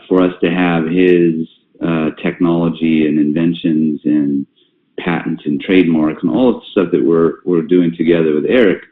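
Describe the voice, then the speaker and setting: A man hosting a company conference call, talking casually with many fillers and restarts. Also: deep voice. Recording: tinny phone line with roomy echo.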